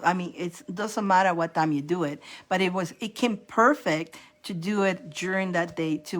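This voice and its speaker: Chatty woman doing spiritual readings. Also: on the low side. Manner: chatty and animated, repeats herself, laughs often. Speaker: host giving psychic readings. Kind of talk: casual live-stream spiritual reading.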